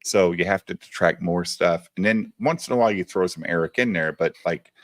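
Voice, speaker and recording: A man's voice: sits low, brisk, dry recording, studio quality. A man telling stories in a casual, profane livestream chat, acting out what others said. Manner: profane, animated storytelling with quoted voices. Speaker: podcast co-host.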